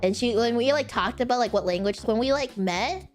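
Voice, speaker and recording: A young woman streamer answering viewer questions in a casual, rambling chat, often breaking into high giggles. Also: a little fast, faint music behind. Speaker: virtual streamer.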